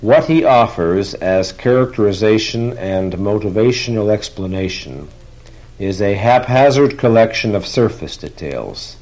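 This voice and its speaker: A man delivering a formal literary lecture in a measured, deliberate manner, reading quotations aloud. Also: on the low side, lively intonation, a little mellow. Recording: dull lo-fi recording.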